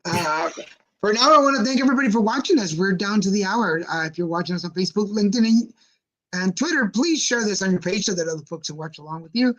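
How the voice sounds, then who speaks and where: A man co-hosting a casual talk show livestream, easygoing and slowing down to spell out details. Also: high voice, expressive, a bit bright, dull audio. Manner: easygoing, slows down when promoting. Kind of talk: casual chat. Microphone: livestream setup.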